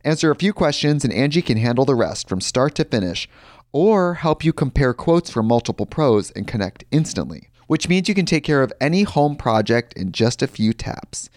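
A man reading a scripted advertisement in a smooth, upbeat promotional delivery. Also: mid-range voice, very animated, moderate pace, darkish tone, no room sound, clean studio sound. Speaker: ad announcer. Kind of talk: scripted ad read.

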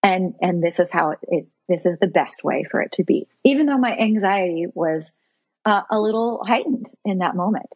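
A woman guest telling a personal story in an animated way, laughing often and saying "like" a lot, with a husky voice. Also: on the low side, moderate pace, dry recording, highs cut off. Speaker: podcast guest.

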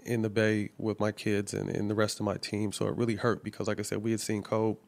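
A middle-aged man in a casual interview, speaking candidly with profanity and frequent halting restarts. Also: fairly low pitch, monotone, vocal fry. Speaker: guest.

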